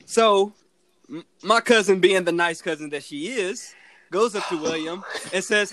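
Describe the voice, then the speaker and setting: A man's voice: high-pitched, a little slow, fairly bright tone, a little hiss or hum. A man hosting a casual podcast chat with friends, joking, laughing and cussing as he talks. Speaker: podcast host.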